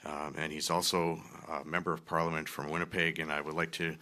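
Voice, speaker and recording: A man's voice: extremely low pitch, level tone, fairly quick, bright, forceful tone. A man acting as master of ceremonies, introducing speakers and rallying applause in an upbeat way.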